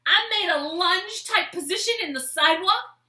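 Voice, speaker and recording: A woman vlogger telling a comic personal story with a life lesson, animated and expressive as she acts out scenes. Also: very high-pitched, normal speed. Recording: echoey room.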